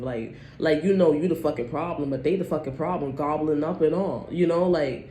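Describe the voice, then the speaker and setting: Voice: medium pitch, normal speed, few pauses. A tarot reader giving a casual, rambling reading full of cursing and asides. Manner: profane, rambling, animated. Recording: roomy echo, faint background noise.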